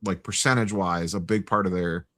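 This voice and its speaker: A man's voice: sits low, fairly even intonation, fairly quick, a bit bright. A man on a casual livestream panel, laying out market reasoning in an analytical way. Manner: analytical, lays out market numbers.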